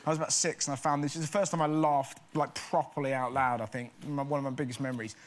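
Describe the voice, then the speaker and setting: A man's voice: mid-range voice, fairly even intonation, fast. A man from Bristol, a stand-up comedian, telling family anecdotes on a chat show, laughing and slipping into little voices. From Bristol, England. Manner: laughing storyteller, slips into voices.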